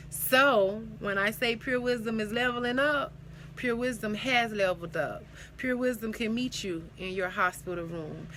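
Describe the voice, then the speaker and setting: Animated young woman from South Carolina. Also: mid-range voice, slight background noise. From South Carolina, USA. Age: young adult. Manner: animated, emphatic, repeats phrases, laughs often. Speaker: spiritual healer promoting her services. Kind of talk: testimony monologue to camera.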